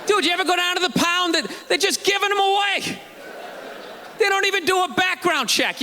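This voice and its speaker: A man performing a stand-up comedy routine, ranting sarcastically and shouting his punchlines. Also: very high voice, fairly quick. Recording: live stage recording with audience and noise.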